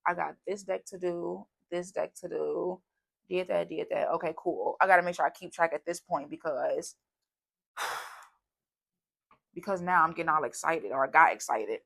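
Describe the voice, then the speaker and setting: A woman's voice: fairly low pitch, normal speed, gravelly, fairly bright tone. A woman giving a casual tarot reading, chatty and bubbly, wandering off on tangents. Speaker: tarot reader.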